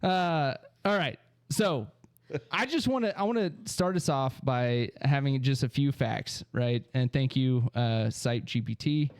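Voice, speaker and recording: A man co-hosting a casual podcast, reading quick trivia facts with laughs. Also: medium pitch, animated, no echo. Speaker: podcast co-host.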